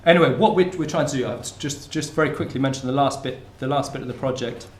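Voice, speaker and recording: A man's voice: mid-range voice, fast talker. Man lecturing in a roomy hall. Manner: informal, conversational lecturing. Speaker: academic speaker. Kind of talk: conference talk. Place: lecture room.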